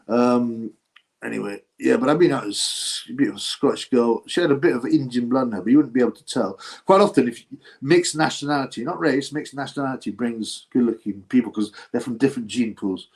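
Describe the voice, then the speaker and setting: A man's voice: mid-range voice, fairly quick. A man hosting a casual livestream about boxing, rambling between topics with many fillers and chuckles. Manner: rambling, chatty, with frequent fillers and laughs. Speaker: boxing channel host.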